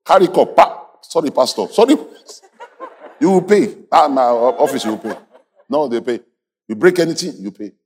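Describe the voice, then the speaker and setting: A man preaching a sermon as a pastor, animated, laughing often and calling on the congregation to repeat after him. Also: mid-range voice, moderate pace, breathy edge. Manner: animated preaching with call-and-response and frequent laughter.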